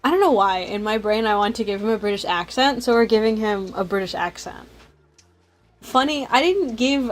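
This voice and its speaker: A woman's voice: a little high, low-quality recording. A woman streaming a story game, chatting casually and reading its text aloud in a rambling, giggly way.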